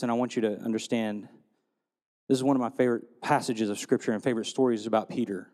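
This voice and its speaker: A man preaching a sermon, telling stories and retelling scripture in a lively storytelling way. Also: on the low side, fast talker, in a large hall. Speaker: pastor.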